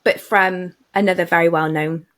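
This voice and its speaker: A woman's voice: lowish voice, steady tone, normal speed, a bit bright. A woman co-hosting a podcast, chatting casually and enthusiastically with lots of fillers and restarts. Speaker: podcast co-host. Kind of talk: casual chat.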